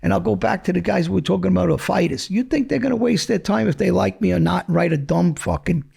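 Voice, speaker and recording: A middle-aged man, answering as an interview guest with a gruff, profane edge. His voice is gravelly and husky, pitched a touch high for a man. He talks bluntly and picks a fight. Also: fast, a little mellow. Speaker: interview guest, former mobster.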